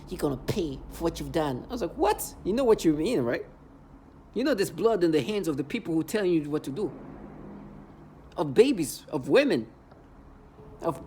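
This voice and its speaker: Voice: medium pitch, darkish tone, a little hiss or hum. A vlogger ranting in an agitated, emotional monologue, hurling repeated insults.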